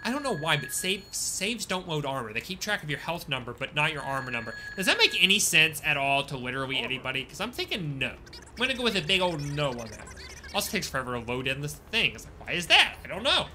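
Guy livestreaming a game, talks to chat a lot, bright slightly high voice, faint hiss behind. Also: fast. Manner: chatty, talks to chat, sudden excited outbursts. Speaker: gaming streamer. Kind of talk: casual live-stream commentary.

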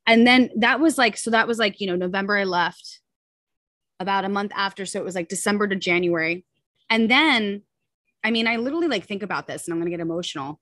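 A woman's voice: mid-range voice, a bit bright, no echo. Candid woman telling her story, dry sound. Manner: candid, quick, full of likes and you-knows. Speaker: podcast guest. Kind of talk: personal story in a casual interview.

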